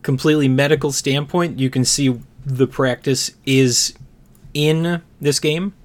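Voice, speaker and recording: A man's voice: mid-range voice, fairly even intonation, unhurried. A man co-hosting a podcast, chatting casually and prompting his co-host with follow-up questions. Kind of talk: casual chat.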